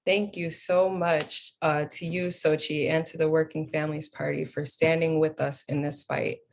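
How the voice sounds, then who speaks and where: A woman with a slightly low voice emcees a press event. She thanks each speaker and introduces the next with small pauses and fillers. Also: level tone, vocal fry. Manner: warm thanks, hesitant fillers.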